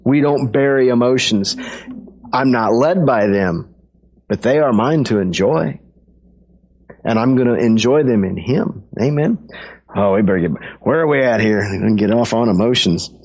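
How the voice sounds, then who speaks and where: Guy preaching to a church crowd, chatty and playful, mid-pitched voice. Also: lively intonation, moderate pace, darkish tone. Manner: conversational and playful, acts out kids' voices. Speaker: pastor. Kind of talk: sermon.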